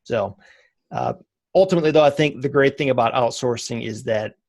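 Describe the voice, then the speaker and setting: Male host in his thirties, casual and chatty, mid pitch, dry studio sound. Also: brisk, a little mellow, no echo. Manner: conversational, loose with fillers like "like". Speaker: podcast host. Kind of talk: casual interview chat.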